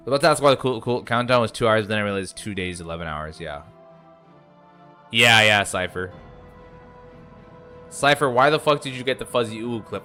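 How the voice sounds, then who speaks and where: A young streamer from the US East Coast reads his chat aloud, talking casually and swearing. His medium-pitched voice sounds pushed and bright, with faint music playing in the background.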